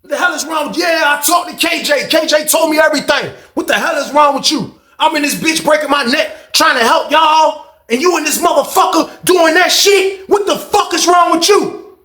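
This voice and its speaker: A man acting out an angry father who yells, curses and repeats himself in an echoey room. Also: very high voice, normal speed, pitched above the performer's own voice. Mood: furious. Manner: yelling, cursing, repeating himself.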